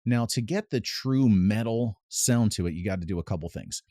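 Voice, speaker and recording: Male vocal coach, very low voice, dry close sound, casual pedantic explainer. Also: moderate pace, mellow, no room sound. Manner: pedantic, explains with sung demonstrations. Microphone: close mic with added reverb at times.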